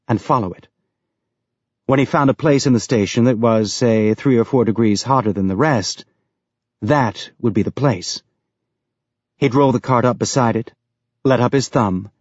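A man reading audiobook narration in a steady, even way, on a dry, dull lo-fi recording. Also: mid-range voice, husky, no room sound.

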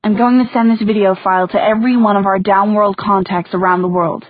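A woman's voice: mid-range voice, steady tone, a little fast, dry recording, lightly acted. A woman voicing a cool young vampire girl in a matter-of-fact tone. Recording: thin phone-like sound, dry.

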